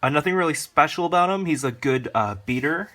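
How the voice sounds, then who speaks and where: A man hosting a card game channel, talking through his deck in a rushed, rambling way, full of fillers. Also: a little high, expressive, bright, forceful tone. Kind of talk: casual deck walkthrough.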